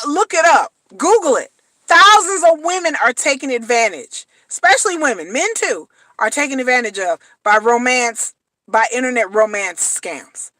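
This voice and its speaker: A woman delivers a blunt, slangy vlog commentary, hammering her points home with repetition. Her voice sits high and sounds bright and forceful. The recording is dry and close. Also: dry recording. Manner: blunt, emphatic, slangy, repeats phrases. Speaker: reality TV commentator.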